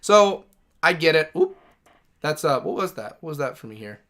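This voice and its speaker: Gaming streamer, man, slightly high and bright voice, rambling casual storyteller who swears a lot. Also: sing-song, a little fast. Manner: rambling, self-correcting, swears freely. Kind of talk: casual storytelling while playing.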